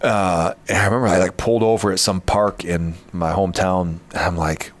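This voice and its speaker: A man with a very low voice tells a long personal story on a fitness podcast. He talks casually and earnestly, circling back and restarting his sentences as he goes. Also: fairly even intonation, fairly quick. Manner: earnest, rambling, with frequent restarts. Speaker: podcast host.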